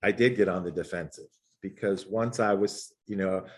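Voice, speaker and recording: A man sharing his own story at a group meeting, lively and animated in the telling. His voice leaps up high whenever he quotes someone, then drops back into an easy, mid-range speaking voice. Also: moderate pace. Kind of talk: personal recovery story told to a group.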